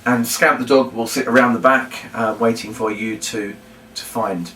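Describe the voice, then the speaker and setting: A man teaches a children's puppet routine. He hesitates with many ums and breaks into loud, high calls to demonstrate. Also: fairly even intonation, brisk. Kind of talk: instructional demonstration. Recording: roomy, distant mic, faint room noise.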